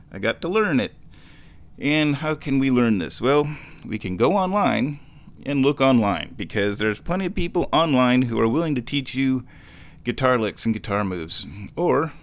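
A man with a smooth, medium-pitched voice hosts a radio show solo, talking casually in a rambling, easygoing, chatty way.

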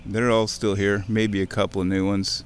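A man narrating a nature walk by a wooded creek in an excited, chatty way, talking to himself as he films. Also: on the low side, moderate pace, slight background noise. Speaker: nature vlogger. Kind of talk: casual outdoor narration. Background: birdsong.

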